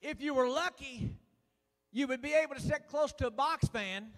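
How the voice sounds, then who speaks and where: A man preaching a sermon as pastor in a church, folksy and building to loud preaching with lots of "uh". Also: extremely high pitch, moderate pace. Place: church sanctuary. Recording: church hall reverb.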